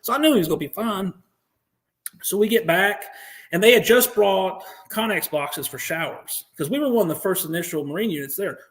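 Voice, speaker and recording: American male guest, slightly high voice, animated, swears freely, acts out what others said. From United States. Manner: profane, animated, acts out quotes. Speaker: podcast guest, veteran. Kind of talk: interview storytelling.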